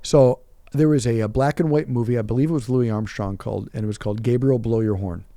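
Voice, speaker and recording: A man in his forties, a priest, telling his story in a casual podcast chat, animated and self-deprecating, acting out quotes. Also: mid-range voice, quick pace, no echo.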